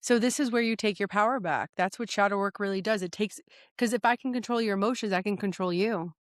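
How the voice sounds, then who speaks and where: A woman's voice: mid-range voice, fast talker, no room sound, clean studio sound. A woman hosting a casual podcast chat on shadow work, talking animatedly, swearing and acting out the dialogue she quotes. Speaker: host, shadow work coach.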